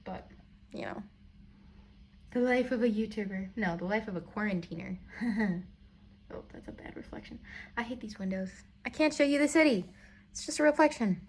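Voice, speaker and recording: A woman's voice: medium pitch, moderate pace, pauses often, husky. A young woman vlogging casually from a hotel room, chatty and self-mocking, with many fillers. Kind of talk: casual vlog chat.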